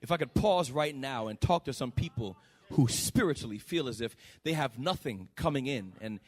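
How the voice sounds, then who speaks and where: A pastor preaching a sermon in church, swinging from quiet teaching to loud, sing-song calls and repeated phrases, and voicing his own imagined questions to God. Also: mid-range voice, lively intonation, moderate pace. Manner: acts out dialogues with God in a plain questioning voice. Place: church sanctuary.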